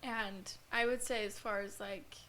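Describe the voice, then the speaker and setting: A woman recounting a painful personal experience in an earnest, halting way, with many fillers. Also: medium pitch, steady tone, crowd noise. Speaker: podcast guest. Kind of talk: emotional personal storytelling.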